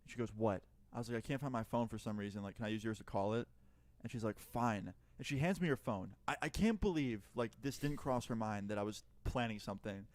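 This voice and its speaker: A man's voice: on the low side, a little fast, no echo. A man telling a personal story in a chatty, profane way, acting out both sides of the dialogue. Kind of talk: casual storytime narration.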